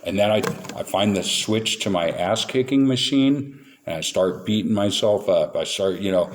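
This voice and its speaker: Male meeting speaker, low register, candid storyteller with self-mocking humor, faint background noise. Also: normal speed. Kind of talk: recovery talk to a meeting.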